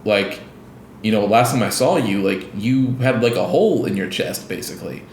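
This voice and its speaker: A podcast co-host with a fairly low, expressive voice at normal speed rambles through a casual gaming podcast, full of restarts and fillers, acting out scenes as he retells them. The recording sounds roomy, with slight background noise.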